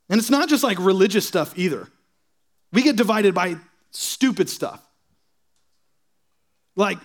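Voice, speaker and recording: A young man with a high voice delivers a casual, joking sermon. He mocks petty quarrels by acting out churchgoers' lines in sarcastic asides. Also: lively intonation, a little slow, pauses often. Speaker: pastor.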